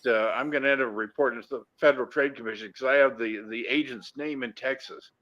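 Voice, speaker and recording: A man's voice: medium pitch, fairly even intonation, fast, fairly bright tone. A man joining a livestream chat, speaking in a matter-of-fact way. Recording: dull lo-fi line.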